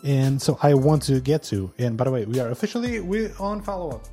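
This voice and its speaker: Mellow-voiced male podcast host. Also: mid-range voice, lively intonation, brisk, faint music behind. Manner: chatty, laughing, stumbling restarts. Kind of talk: casual podcast chat.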